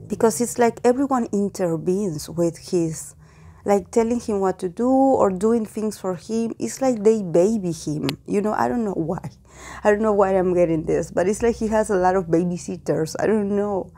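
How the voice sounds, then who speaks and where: Mellow-voiced woman giving a musing tarot reading. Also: medium pitch, normal speed. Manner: musing, hesitant, full of "like" and "I don't know why". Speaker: tarot reader. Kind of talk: casual tarot reading monologue.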